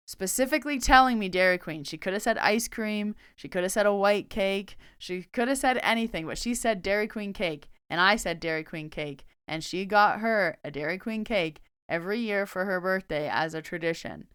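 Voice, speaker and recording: A woman's voice: mid-range voice, moderate pace, fairly bright tone, clean tone, no echo, clean studio sound. A young adult woman hosting a podcast, telling a story in a casual, chatty way and acting out quoted dialogue. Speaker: podcast host and medium.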